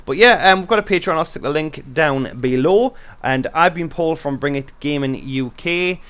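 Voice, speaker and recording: A man's voice: on the high side, normal speed, a bit bright, clean tone. A British man hosting a casual gaming Q and A vlog, talking off the cuff with a chatty, rambling manner. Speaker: YouTube channel host.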